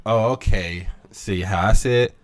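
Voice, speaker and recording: A man's voice: lowish voice, measured pace. A man co-hosting a podcast in casual chat, rambling with lots of fillers. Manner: rambling, filler-heavy, animated. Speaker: podcast co-host.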